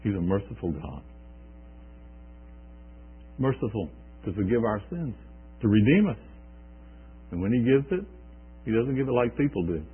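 A man preaching a sermon, retelling scripture in a conversational way with halting restarts. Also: fairly low pitch, lively intonation, a little hiss or hum. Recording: tinny phone-like recording.

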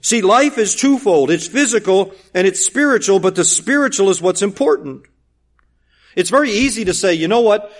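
Pastor, man, high voice, insistent sermon with hushed asides. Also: lively intonation, normal speed. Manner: emphatic, repetitive rhetorical questions, swings between loud and hushed.

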